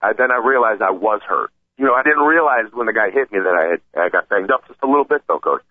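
A man telling a story in a casual chat, excited and rambling, often stammering and restarting. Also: on the low side, quick pace, no room sound. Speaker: podcast regular telling a story. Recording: tinny phone-like sound.

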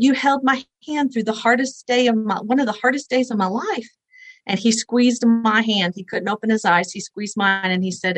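A woman's voice: mid-range voice, a bit bright, dry recording, rough recording. A woman in her forties, a guest in an interview, tells a personal story in an earnest, conversational way and acts out the voices she quotes. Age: 40s.

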